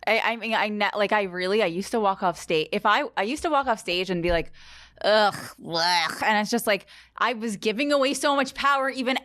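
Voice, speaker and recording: A woman's voice: mid-range voice, expressive, fast, hardly any pauses, fairly bright tone, dry recording, studio quality. A woman comedian hosting a podcast, talking frankly and encouragingly in casual chat, with casual swearing.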